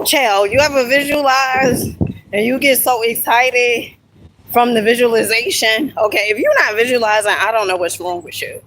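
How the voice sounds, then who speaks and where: A woman filming a motivational vlog on her phone at an outdoor lookout. She talks emphatically, tosses in "okay?" and "honey" constantly, and breaks into excited whoops. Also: fairly high pitch, a little slow, a little hiss or hum, rough recording. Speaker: inspirational video creator.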